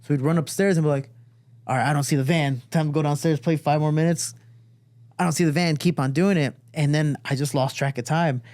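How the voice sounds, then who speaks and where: A man's voice: fairly high pitch, a little fast. A man from Chicago telling a family story in casual conversation, acting out the people he quotes. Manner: animated, acts out quotes with a raised voice. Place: studio.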